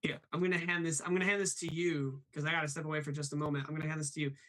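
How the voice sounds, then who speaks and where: A man hosting a live stream in a casual, chatty way, apologetic and quick to laugh. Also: on the high side, level tone, a bit bright.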